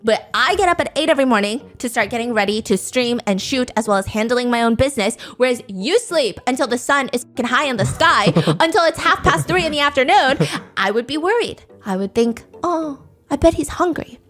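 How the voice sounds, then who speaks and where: A woman's voice: high voice, animated, fairly quick, a bit bright. A woman ranting as a furious cursing influencer.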